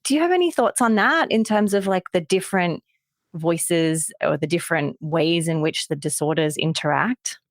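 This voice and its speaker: A woman's voice: on the low side, normal speed, dry recording, studio quality. A woman hosting a podcast interview, asking questions enthusiastically with lots of "like". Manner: warm, enthusiastic questioning with many "like" fillers. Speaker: podcast host.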